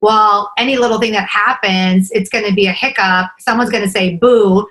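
A woman's voice: mid-range voice, steady tone, a little fast, pushed and bright, low-quality recording. A woman in her forties, a podcast guest talking casually and eagerly, often tagging her points with "right?". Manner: enthusiastic, fillers like "right?" and "like". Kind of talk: casual interview chat.

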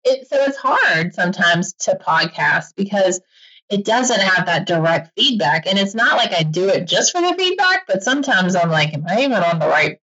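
A middle-aged woman chatting candidly as an interview guest, animated and quick to laugh. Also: medium pitch, dull audio. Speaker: podcaster and author guest. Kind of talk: casual interview chat.

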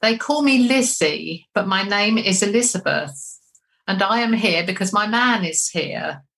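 The spirit of a woman speaks calmly and insistently, as a medium repeats her words. The voice is bright and forward, close to the medium's own. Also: mid-range voice, unhurried, gravelly, rough recording. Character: entranced woman spirit calling herself Elizabeth.

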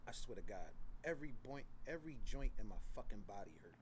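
A man's voice: mid-range voice, lively intonation, quick pace, slight background noise. A young man guest on a podcast, telling a personal story in a casual, slangy and heavily profane way. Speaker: podcast guest, fashion entrepreneur.

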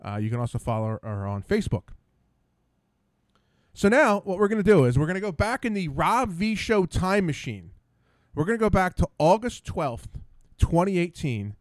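A man's voice: high-pitched, very animated, moderate pace, no echo. Combative male host telling a story. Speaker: podcast host. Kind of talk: storytelling monologue.

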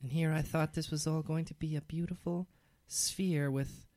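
A man voicing a dim, self-important rich heiress who sighs and speaks slowly. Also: fairly high pitch, steady tone, a little mellow, dry recording, studio quality, natural voice. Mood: haughty. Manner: sighing, self-important, slow.

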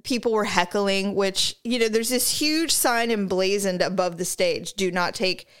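A woman's voice: mid-range voice, measured pace, fairly bright tone, clear, resonant tone. A woman co-hosting a casual chat podcast, telling stories animatedly, laughing and swearing freely. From California. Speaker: podcast co-host.

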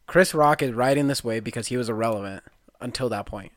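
A young man co-hosting a casual podcast, speaking bluntly and low-key with casual cursing. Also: fast, no echo, studio quality. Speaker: podcast co-host. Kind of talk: casual chat.

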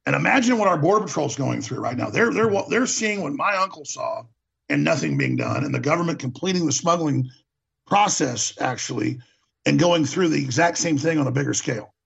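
Man, talk host, raspy husky voice, impassioned ranting monologue, repeats words for emphasis. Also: fairly high pitch, sing-song, a little fast, a bit bright, dull audio.

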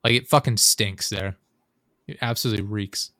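A man's voice: fairly low pitch, moderate pace, sharp tone, dry recording, studio quality. A young man in casual chat, telling a rambling, profane story full of fillers and asides.

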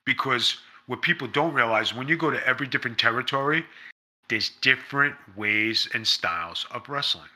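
A man's voice: medium pitch, normal speed, bright, forceful tone. A man being interviewed, talking in a blunt, emphatic way and swearing freely. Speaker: interview guest, former pro wrestler. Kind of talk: casual interview storytelling.

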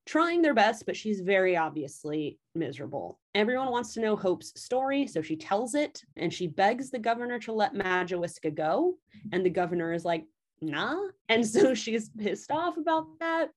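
A woman in casual chat, animatedly retelling a story's plot and swearing freely as she quotes the characters. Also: mid-range voice. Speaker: podcast co-host recapping a story.

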